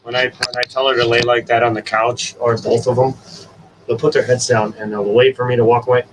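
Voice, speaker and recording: A man hosting a casual stream and giving his dogs coaxing commands, jumping to high sing-song calls. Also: little pitch movement, a little fast. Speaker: stream host. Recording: distant from the mic. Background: dogs, faint room noise.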